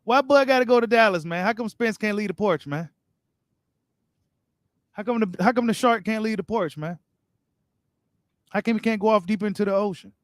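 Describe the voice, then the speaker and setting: On his boxing live stream, a man with a fairly high voice reads viewer comments and responds in loose, slangy chat directed right at viewers. He talks at a normal speed with long pauses, and the sound is close and dry with no room sound.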